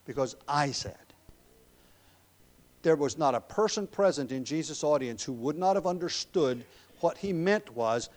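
A man preaching an expository sermon as a pastor, emphatic on key words, with frequent ums and throat clearing. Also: a little high, expressive, unhurried, darkish tone.

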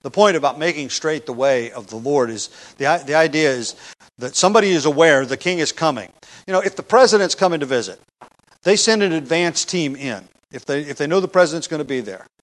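A man's voice: on the high side, lively intonation, a little fast. A man teaching a Bible passage in a conversational sermon, with restarts and rhetorical questions. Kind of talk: expository sermon.

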